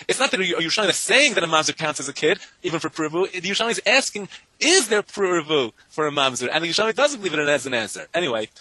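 A man teaching a Talmud class to students, animated and talking in rapid bursts, chanting the Hebrew and Aramaic texts in a sing-song lilt. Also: a little high, slightly rough, no echo, low-quality recording.

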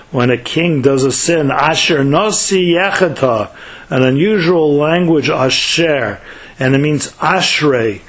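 Guy teaching torah real slow and deliberate, voice sits kinda high. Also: fairly bright tone, poor audio. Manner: slow, measured delivery, rising in emphasis. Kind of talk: recorded Torah lecture.

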